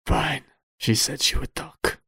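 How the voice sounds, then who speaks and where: A guest player, a man playing his character in a tabletop game, terse and halting. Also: sharp tone, dry recording, studio quality. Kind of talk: in-character tabletop role-play.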